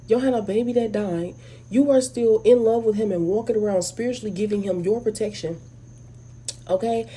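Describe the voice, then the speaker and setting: Blunt woman with a husky, mellow voice. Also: a little high. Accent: African American English. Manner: blunt, animated, talks straight to viewers. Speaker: video host. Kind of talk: casual opinionated movie review.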